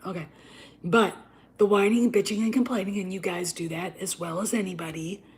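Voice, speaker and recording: Woman host ranting, swears a lot, mid pitch, keeps dropping to a hiss of a whisper then getting loud again. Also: fairly even intonation, a little fast. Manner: profane, emphatic, repeats itself; drops to an unvoiced whisper and back. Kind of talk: ranting casual commentary.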